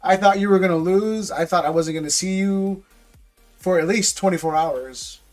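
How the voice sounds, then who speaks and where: A man's voice: sits high, normal speed, a little mellow, soft background music. A man selling trading card packs on a live stream, chatting casually with viewers and calling them bro. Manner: laid-back, talks to viewers as bro. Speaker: livestream card seller.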